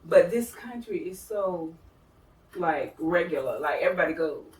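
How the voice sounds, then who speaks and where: A woman telling stories in casual chat, animated and quick to laugh. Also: lowish voice. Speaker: guest. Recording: echoey room, mic at a distance.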